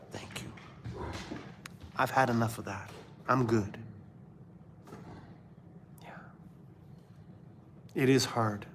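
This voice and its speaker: A man from Canada hosting a livestream of religious commentary, preaching fervently and then dropping to a hushed murmur. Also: mid-range voice, a little hiss or hum. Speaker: livestream host.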